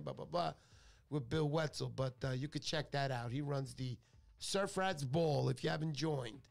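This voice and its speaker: Slightly high and marked by vocal fry, this male voice belongs to a radio host. He tells stories in a loose, joking talk-show style, often straying off topic.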